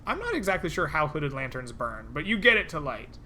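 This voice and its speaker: A woman runs a tabletop game, narrating loosely with many fillers. Her voice is bright and animated, and a faint ambience sits behind it. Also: low voice, fairly quick, a little hiss or hum. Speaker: game master.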